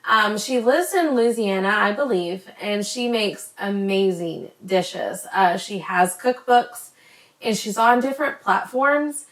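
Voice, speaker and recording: A woman chatting to her camera as a vlogger, rambling with many ums and tripping over words when she talks fast. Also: mid-range voice, a bit bright. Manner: says she stutters when talking fast. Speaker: vlogger recommending creators. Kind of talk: casual chat to camera.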